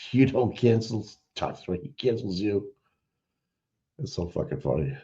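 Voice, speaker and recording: A man with a lowish, slightly mellow voice hosts a livestream, speaking at a measured pace with lively intonation. His commentary is blunt, rambling, and heavily profane, and the audio is dull and lo-fi.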